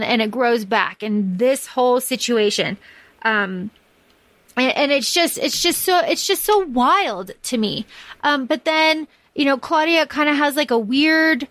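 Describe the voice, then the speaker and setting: A woman hosting a podcast, talking casually in an animated, profane way, with lots of fillers and restarts. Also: a little high, no room sound. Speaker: podcast host. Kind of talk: casual chat.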